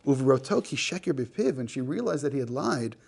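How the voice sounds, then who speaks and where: A man's voice: mid-range voice, big pitch swings, brisk, vocal fry, a little mellow, breathy edge. A man teaching a class, reading a text aloud, translating it line by line and joking with the students. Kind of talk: classroom lecture.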